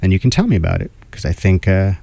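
A man hosting a radio music show, a little hoarse, chatting enthusiastically between songs. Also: sits low, wildly swooping pitch, fast, dark tone, dry recording. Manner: enthusiastic, conversational. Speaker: radio host.

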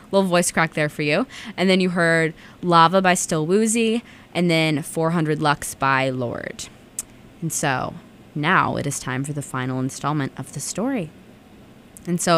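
A woman's voice: on the low side, clean tone. A young woman hosting a late-night radio show, chatting casually with "um" fillers and reading a story aloud. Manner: relaxed, chatty, with frequent "um" fillers.

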